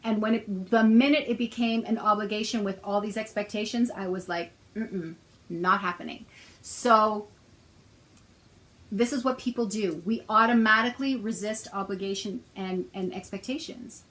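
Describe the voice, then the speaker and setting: Middle-aged female host, relaxed storyteller with a dry sarcastic streak, mid-range voice. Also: medium pitch, normal speed, poor audio. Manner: chatty storytelling with a sarcastic edge. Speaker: self-help author and host. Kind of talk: casual talk to viewers.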